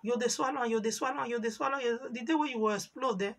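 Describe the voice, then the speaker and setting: A woman with a Nigerian accent telling a story from her life in a casual vlog, animated and voicing the people she quotes. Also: on the high side, fast. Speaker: vlogger. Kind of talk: casual storytelling monologue in Pidgin.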